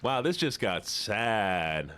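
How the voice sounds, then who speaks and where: Chatty male streamer, lively voice. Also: on the low side, takes it slowly, smooth. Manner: chatty, thinks aloud, reacts to chat. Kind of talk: casual chat while gaming.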